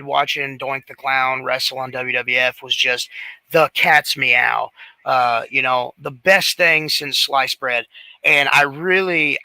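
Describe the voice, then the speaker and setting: A man's voice: mid-range voice, pushed and bright, clean tone, no room sound, low-quality recording. A man co-hosting a casual talk show, telling a rambling story with lots of restarts and fillers. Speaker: podcast co-host.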